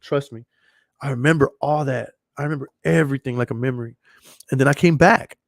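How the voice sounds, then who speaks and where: A man with a creaky, medium-pitched voice speaks fairly quickly, recorded cleanly in a studio with no echo. Hosting a podcast, he tells a long, profane, rambling story in a casual monologue, often repeating himself.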